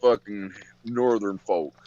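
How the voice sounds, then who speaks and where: Profane storytelling man, low voice. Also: slow, dark tone, slight background noise. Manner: profane, storytelling with acted-out quotes. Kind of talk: casual chat. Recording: dull dry lo-fi audio.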